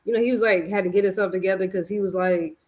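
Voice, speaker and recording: A woman hosting a casual chat about a reality show, talking candidly and telling her own story with slangy, animated detail. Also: medium pitch, fast talker. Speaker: podcast host.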